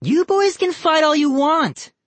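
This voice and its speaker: A reader doing a shrill bratty little girl. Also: huge pitch swings, a little slow, a little mellow, husky, dry recording, full character voice. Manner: shrieking, sassy. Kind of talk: audiobook character voice.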